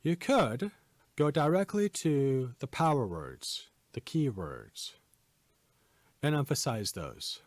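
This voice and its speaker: A man hosting a podcast lesson, giving presentation tips in a clear, emphatic, teacherly way. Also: mid-range voice, big pitch swings, takes it slowly, no room sound, clean studio sound.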